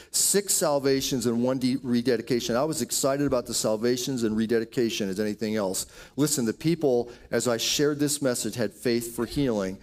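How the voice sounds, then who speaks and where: A man's voice: mid-range voice, a little mellow. A man preaching a sermon, telling healing stories in a storytelling way with quoted asides. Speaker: pastor. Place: church auditorium.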